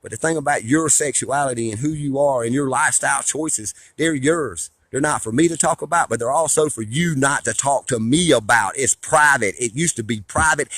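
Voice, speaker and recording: Blunt man ranting, husky voice. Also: medium pitch, a bit bright, no room sound. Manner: blunt, preachy, repeats and restarts phrases. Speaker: father and online commentator. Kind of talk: ranting monologue to viewers.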